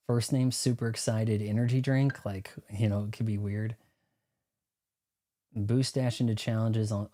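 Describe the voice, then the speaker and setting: A man's voice: lowish voice, mellow. Joking man streaming a game. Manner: rambling, joking asides while playing. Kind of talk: live gameplay commentary. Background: game music.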